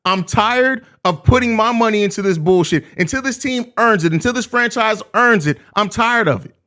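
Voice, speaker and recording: A man's voice: high-pitched, lively intonation, normal speed, pushed and bright. A young man with a Chicago accent hosting a live postgame show, ranting heatedly and cursing. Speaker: podcast host.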